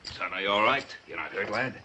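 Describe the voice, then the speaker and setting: An older actor playing a stern, fond father of grown sons with a gruff, commanding manner in a 1950s TV western. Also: on the low side, animated, brisk, sharp tone, a little hiss or hum. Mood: fatherly. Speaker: ranch patriarch.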